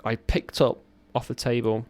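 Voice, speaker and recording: A man in his thirties, a podcast guest, telling a raw personal story in an earnest, halting way. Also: medium pitch, little pitch movement, darkish tone.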